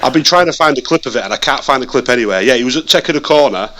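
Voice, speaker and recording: A man chatting casually about football as a podcast co-host, animated and often repeating words as he restarts his sentences. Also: mid-range voice, racing. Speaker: podcast co-host, Leeds fan.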